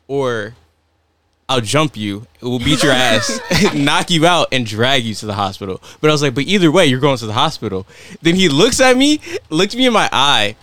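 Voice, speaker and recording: A man's voice: mid-range voice, moderate pace. A young man co-hosting a podcast, telling stories in a casual, laughing way and acting out what others said. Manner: animated storyteller, laughs often, acts out quotes. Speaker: podcast co-host. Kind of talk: casual chat, storytelling.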